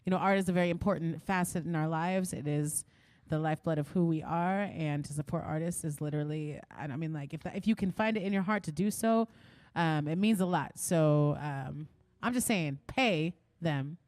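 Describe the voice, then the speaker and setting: A giggly, gushing woman hosts a streamed concert in a lowish voice. The sound is dry and close. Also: normal speed, few pauses, a little mellow, dry recording. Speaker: host. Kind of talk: hosting a live-streamed concert.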